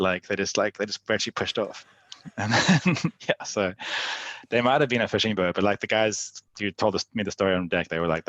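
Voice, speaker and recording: Fast, flat-toned deep-voiced man. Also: no room sound. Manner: laughs often while recounting stories; loose, chatty phrasing full of "like". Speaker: guest, endurance athlete. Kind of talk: casual interview storytelling.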